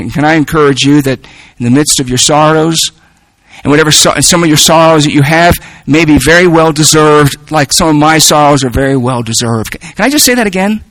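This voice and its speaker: A man's voice: a little high, bright, forceful tone, no room sound, low-quality recording. A man preaching a sermon in an earnest way, often repeating words as he works toward a point.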